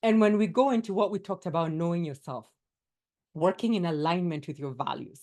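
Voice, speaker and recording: A woman wellness coach giving a workshop talk to doctors, lively and emphatic, often checking in with her listeners. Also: on the low side, fairly quick. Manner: lively and emphatic, often tagging points with "right?".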